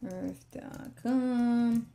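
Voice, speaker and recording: A woman's voice: on the high side, drawn-out words, vocal fry, slight background noise. A woman tech vlogger casually walking through a screen recording, talking to herself as she works, sleepy and yawning. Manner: talks to herself while working, relaxed and chatty.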